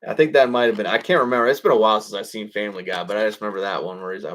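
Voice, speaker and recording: A man with a somewhat low voice hosts a live card break. He calls out each pull in a loose, rambling way, with a stray curse and a quick chuckle here and there. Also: steady tone, a bit bright. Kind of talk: live card-opening commentary.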